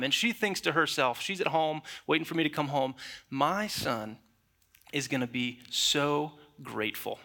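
A young man preaching a sermon, opening with a lively, conversational personal story before moving into scripture. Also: high-pitched. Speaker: pastor. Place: church.

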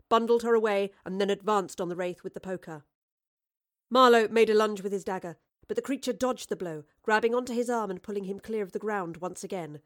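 A woman narrating a story aloud in an even, clear manner. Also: mid-range voice, no room sound, studio quality. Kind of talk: storybook reading.

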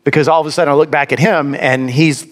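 A man's voice: on the high side, steady tone, fast talker, long reverb tail. A man preaching a sermon, telling a personal story with wry, self-deprecating humor. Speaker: pastor.

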